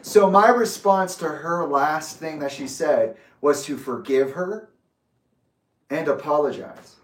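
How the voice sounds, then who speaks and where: A man reading his own letter aloud with asides, in a measured, deliberate way. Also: fairly high pitch. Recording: roomy echo, distant from mic.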